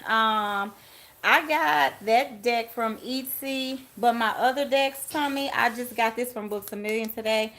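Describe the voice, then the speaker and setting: A chatty tarot reader runs a live reading and addresses her viewers by name. Her fairly bright voice sits a little high, and she's unhurried, laughing easily as she rambles between cards.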